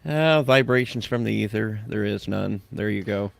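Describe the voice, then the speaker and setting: Gravelly-voiced man hosting a podcast. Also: fairly low pitch, normal speed, no echo. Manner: joking, self-mocking, reads items aloud. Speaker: podcast host. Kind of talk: casual chat and reading tech news.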